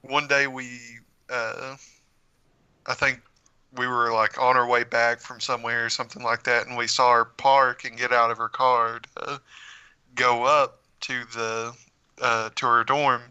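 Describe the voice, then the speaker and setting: Young guy cohost, monotone but really bright crisp voice. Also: mid-range voice, unhurried, dry recording, dull audio. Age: young adult. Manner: flat, brief agreeing replies. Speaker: podcast co-host. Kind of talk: casual chat.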